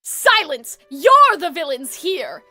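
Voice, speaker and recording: A woman's voice: extremely high pitch, sing-song, slow, pushed and bright, no room sound, voice pushed down, full character voice. A woman voicing a sinister, haughty young male villain who speaks in a theatrical, sneering way. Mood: scornful villainous.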